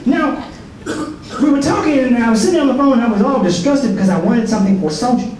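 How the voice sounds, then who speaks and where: At a prayer breakfast, a man gives a folksy, preacherly sermon, joking with the audience and acting out quoted voices. His voice is very high, a little mellow and fast. The recording comes from far off in an echoey hall with faint noise.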